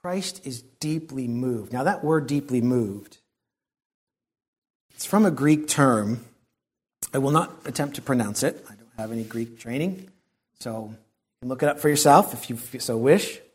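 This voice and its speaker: A man preaching a sermon in an earnest, reflective way, often dropping to a soft hush. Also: mid-range voice, lively intonation, unhurried, long pauses, husky.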